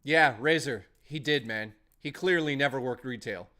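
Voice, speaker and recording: A man's voice: medium pitch, normal speed, pushed and bright. A man streaming casually, rambling and chatting and reading out messages from his chat.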